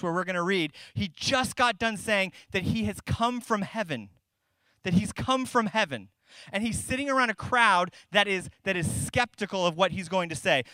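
A man's voice: high-pitched, sharp tone, no room sound. A middle-aged man pastor preaching a sermon in a church in a conversational way, often restarting his sentences.

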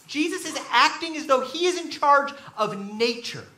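A man preaching a sermon as pastor, telling stories with animated, sudden loud bursts. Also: extremely high pitch, normal speed, roomy sound, slight background noise. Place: church.

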